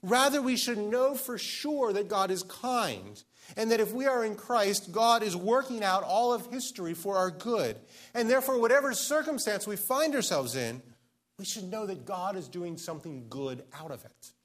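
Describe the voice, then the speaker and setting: A man preaching a sermon as pastor to his church, earnest and pleading, slowing down to stress key lines. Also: sits high, animated. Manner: earnest, pleading, slows down for emphasis.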